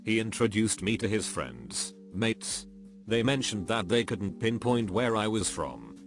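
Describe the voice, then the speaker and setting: A man narrating a string of online stories in a flat, even storytelling delivery. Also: on the low side, unhurried, faint music behind. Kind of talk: reading online stories aloud.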